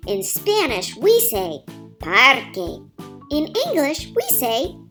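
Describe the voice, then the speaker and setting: A woman's voice: high-pitched, wildly swooping pitch, slow, a little mellow, full character voice. A woman voicing a cheerful young girl who teaches Spanish words to small children in an encouraging, sing-song way, with children's music behind. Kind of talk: children's bilingual lesson.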